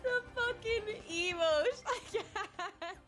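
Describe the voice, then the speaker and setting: A woman streamer giving casual gameplay commentary, excitable and often squealing, swearing and laughing. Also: very high-pitched, slow pace. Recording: game music playing loudly behind.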